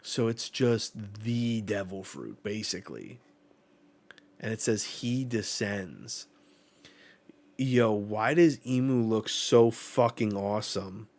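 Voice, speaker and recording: This man's voice sits on the low side and moves slowly while he hosts a live reaction to a manga. He reads the panels out loud and responds with excited cursing.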